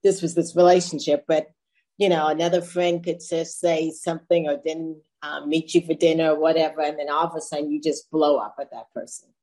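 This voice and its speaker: A woman's voice: low voice, fairly even intonation, fairly quick, darkish tone, rough recording. A woman hosting a talk show, speaking reflectively and sometimes searching for words. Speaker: host. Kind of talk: casual podcast talk.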